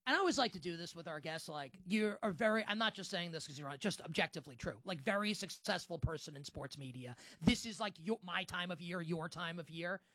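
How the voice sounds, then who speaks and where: A man's voice: high voice, expressive, a little fast, few pauses, pushed and bright, no echo. Host: man in his thirties, rambling and self-deprecating, dry close sound. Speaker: podcast host. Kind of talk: casual podcast chat.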